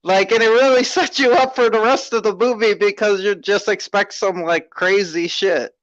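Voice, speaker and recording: A man who is a guest on a podcast, chatting casually and haltingly about a movie and laughing along. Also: sits high, fairly even intonation, fairly bright tone, dull audio. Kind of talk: casual chat.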